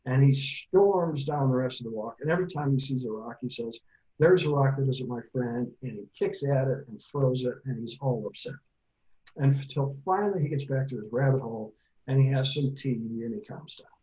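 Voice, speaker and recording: A man's voice: mid-range voice, brisk, warm tone, highs cut off. A middle-aged man, a therapist and author, giving a casual online talk to parents, telling stories with many fillers.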